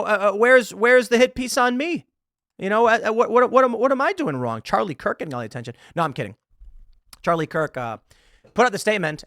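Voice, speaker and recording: Reading an article aloud with open scorn, this thirty-something commentary show host delivers a sarcastic political rant. His pitch sits fairly high and leaps up and down, and the tone is fairly bright. There's no room echo; the sound is close and dry.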